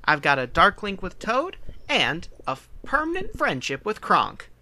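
A man's voice: high voice, huge pitch swings, normal speed, pushed and bright. A man playing in a tabletop game, talking casually in a wry way. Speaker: player.

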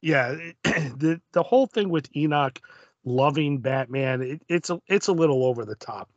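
A man co-hosting a casual podcast, describing comic panels in a thoughtful, halting way with many restarts. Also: medium pitch, expressive, dry recording, highs cut off. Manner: hesitant, restarts often, thoughtful. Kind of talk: casual comic book discussion.

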